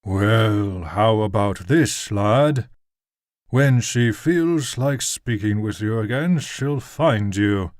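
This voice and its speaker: A man voicing a drunken, sneering male nobleman who threatens a guardsman in a slow, menacing drawl. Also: lowish voice, a little mellow, dry recording, clean studio sound.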